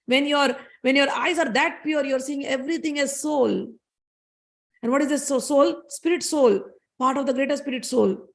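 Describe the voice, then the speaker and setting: A woman's voice: sits high, normal speed. A woman giving an earnest scripture discourse as a spiritual teacher, repeating key phrases as she explains a story.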